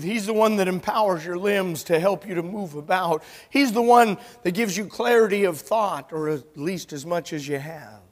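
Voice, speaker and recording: Animated preacher man in a reverberant hall. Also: sits high. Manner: animated storyteller, acting out dialogue. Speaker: pastor. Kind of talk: sermon with personal story. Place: church sanctuary.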